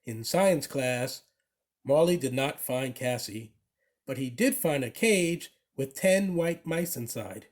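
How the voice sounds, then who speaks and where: Animated man reading a children's book. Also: medium pitch, takes it slowly. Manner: expressive, animated storytelling. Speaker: storybook reader. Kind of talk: children's book read-aloud.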